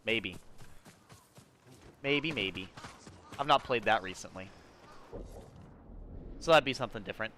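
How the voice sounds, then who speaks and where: A young man streaming a video game, chatting casually with his viewers, excitable and quick to swear. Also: fairly low pitch, slight background noise. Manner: excitable, swears often, talks to chat. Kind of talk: casual live-stream commentary.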